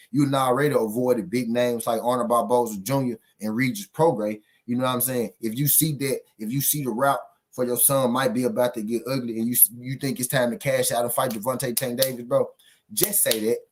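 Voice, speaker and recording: A man's voice: medium pitch, steady tone, fairly quick, darkish tone. A man giving casual boxing commentary on his own show, emphatic and profane, repeating points for effect.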